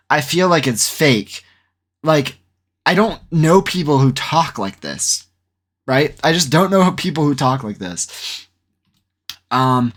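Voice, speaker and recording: A man's voice: mid-range voice, a bit bright. A man hosting a commentary channel, talking casually and skeptically, rambling with fillers and restarts.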